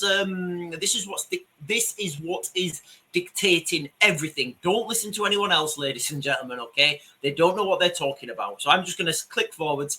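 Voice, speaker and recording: A man with a Yorkshire accent gives emphatic screen-share commentary, often restarting phrases and calling his viewers ladies and gentlemen. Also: a little high. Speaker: commentator on a video channel.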